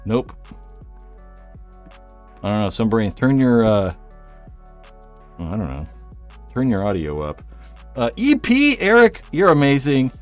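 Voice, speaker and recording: A man's voice: mid-range voice, wildly swooping pitch, takes it slowly, pauses often, soft background music. Rambling, jokey male live streamer. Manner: rambling, jokey, reads chat aloud. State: out of breath. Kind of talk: casual live stream chat.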